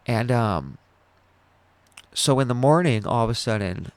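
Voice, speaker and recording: A young man with a low, gravelly voice talks through a painful memory. He rambles, swears freely and trips over his own words. His voice is smooth and resonant, and the recording is dry and close. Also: moderate pace, long pauses, dry recording. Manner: rambling, profane and emotional, with many restarts. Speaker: podcast host. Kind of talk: casual personal storytelling.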